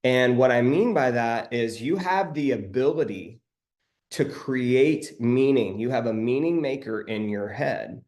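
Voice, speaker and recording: A man, a life coach, giving a motivational talk and slowly repeating his key phrases for emphasis. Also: mid-range voice, a little mellow.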